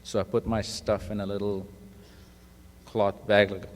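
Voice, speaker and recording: A man's voice: fairly low pitch, flat delivery, unhurried, a little hiss or hum. A man giving a humorous personal testimony at a recovery meeting, self-deprecating and acting out the voices in his stories. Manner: self-deprecating storyteller, acts out quoted voices. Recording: live talk in a reverberant hall.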